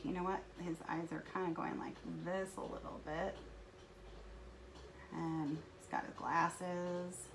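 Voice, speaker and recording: A woman's voice: on the low side, fairly bright tone, a little hiss or hum. A woman teaching first graders, narrating cheerfully as she draws. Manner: cheerful, narrating while drawing. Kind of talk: recorded lesson with drawing.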